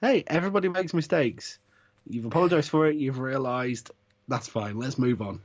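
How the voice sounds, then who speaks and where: Wry man, dull lo-fi sound. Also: mid-range voice. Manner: measured, dry teasing, chuckles. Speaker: podcast co-host. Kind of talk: casual chat.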